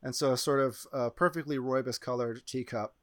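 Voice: medium pitch, steady tone, a little fast, a bit bright, dry recording, clean studio sound. A game master narrating an improvised tabletop game in a rambling, playful way, with lots of fillers.

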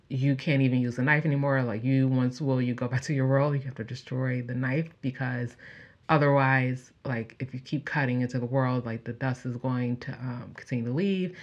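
Gushing young woman, dull lo-fi sound. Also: extremely low pitch. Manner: gushing, animated, many fillers. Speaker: show reviewer. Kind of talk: casual recap chat.

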